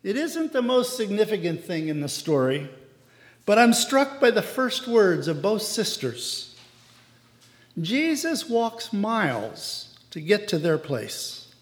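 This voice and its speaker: A man's voice: sits high, big pitch swings, measured pace. A man playing a tired, ill, self-doubting pastor who speaks in a subdued way, recorded in a reverberant hall. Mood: weary. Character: weary, discouraged male pastor, feeling ill.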